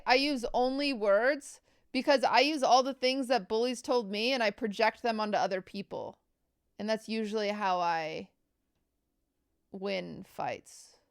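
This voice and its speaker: A woman's voice: mid-range voice, gravelly, smooth, no room sound, clean studio sound. A woman streamer chatting casually and jokingly with her live chat, thanking subscribers as she goes.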